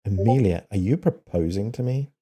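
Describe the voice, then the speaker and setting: A streamer with a New Zealand accent chats casually with viewers in a lowish, warm, husky voice with lively intonation at normal speed. He laughs often and playfully sounds out foreign words.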